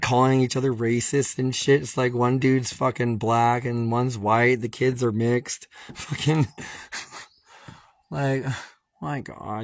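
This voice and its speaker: A man's voice: mid-range voice, no echo. A man from Hawaii ranting on a casual livestream while walking his dogs, swearing constantly and laughing bitterly between complaints. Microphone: phone.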